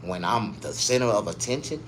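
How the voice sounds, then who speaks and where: A man's voice: big pitch swings, moderate pace, a little hiss or hum. Profane man telling a wild story. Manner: profane, swings from low mutter to loud high yelps. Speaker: comedian. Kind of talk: raunchy comic storytelling.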